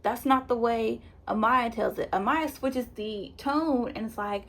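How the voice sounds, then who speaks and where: A woman giving a chatty, animated recap of a reality show, acting out the people she quotes. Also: on the high side, measured pace. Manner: chatty, animated retelling with quoted voices and laughs. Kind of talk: casual spoiler review.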